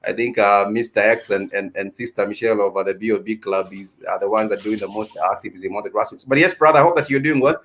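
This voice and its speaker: A man speaking on a casual political talk show, hesitant, filling pauses with uh. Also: lowish voice, fairly bright tone, low-quality recording. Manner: hesitant, many ums and uhs.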